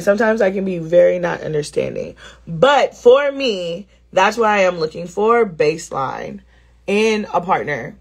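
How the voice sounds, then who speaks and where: A woman's voice: lowish voice, big pitch swings, a little slow, gravelly, breathy edge. A woman vlogger chatting casually and expressively straight to her viewers. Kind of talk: casual vlog chat to viewers.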